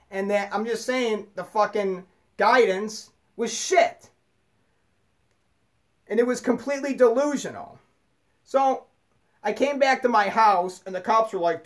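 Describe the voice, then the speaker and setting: A man in an angry unscripted monologue, swearing constantly and stumbling over repeated words as he rants. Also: sits high. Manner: profane, stammering ranting. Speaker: vlogger.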